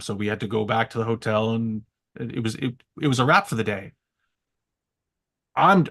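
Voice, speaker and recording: A man on a podcast, telling a story with excitable energy and frequent stammering repeats. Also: medium pitch. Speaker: guest. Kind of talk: animated storytelling.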